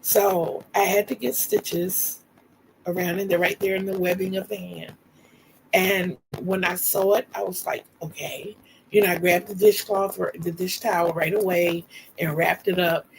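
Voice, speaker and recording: Gravelly-voiced woman telling stories. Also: on the low side, little pitch movement, normal speed, slight background noise, low-quality recording. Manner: warm storyteller, laughs often, talks to viewers as y'all. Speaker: livestream host. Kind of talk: casual storytelling chat.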